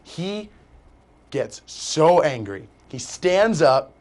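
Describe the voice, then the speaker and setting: A young man telling a long story as a guest in a casual chat, animated and rambling, with "like" in nearly every phrase. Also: a little high, drawn-out words.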